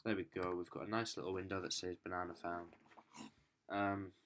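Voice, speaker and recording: A man with a very deep, bright-edged voice talks through a coding tutorial in an informal, thinking-aloud way, with ums and quick self-corrections. His delivery stays flat and even. Faint background noise and keyboard clicks are heard behind him. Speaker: student developer demonstrating software. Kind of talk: screen-recorded coding tutorial.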